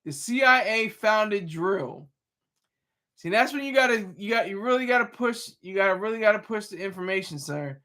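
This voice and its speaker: A man hosting a live stream, answering chat in a casual, rambling way with halting restarts and self-corrections. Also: high-pitched, expressive, bright, forceful tone. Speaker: livestream host reading chat.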